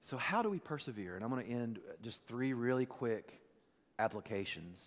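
A man preaching a sermon as pastor, telling a story with animated bursts that drop to a hushed, slow delivery. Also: mid-range voice, long reverb tail.

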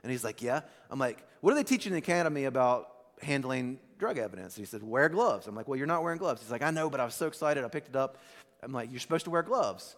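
A long reverb tail trails the mid-range voice of a man preaching as pastor. He tells a story in his sermon, animated bursts giving way to a hushed, slow delivery.

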